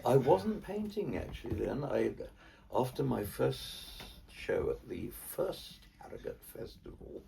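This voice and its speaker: An older Cornish man, an artist and ventriloquist, tells stories in a theatrical, wry manner during a casual chat in his home studio. His mid-range voice is gravelly and dark, with big pitch swings and a slightly slow pace. The mic is distant, picking up faint room ambience and slight background noise.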